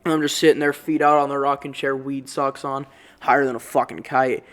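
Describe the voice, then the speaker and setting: A man's voice: medium pitch, little pitch movement, a little fast, fairly bright tone. A man casually telling a story-time vlog in a rambling way, full of swearing and slang. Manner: rambling, profane, loose slang. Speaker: YouTuber.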